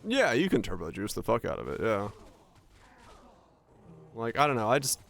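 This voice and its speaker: A man's voice: lowish voice, very animated, moderate pace, vocal fry, a bit bright. Casual, profane young man streaming a game. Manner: casual, profane, chatty with chat. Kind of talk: casual gaming stream chat.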